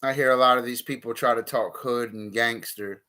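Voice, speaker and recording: A man's voice: mid-range voice, steady tone, normal speed, bright, forceful tone. A man streaming a casual monologue, talking bluntly and profanely with heated outbursts.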